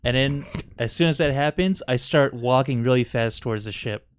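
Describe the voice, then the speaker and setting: Man, tabletop player, mid pitch, rambling, casual. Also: normal speed, clean tone. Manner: rambling, searching for words. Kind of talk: casual tabletop game play.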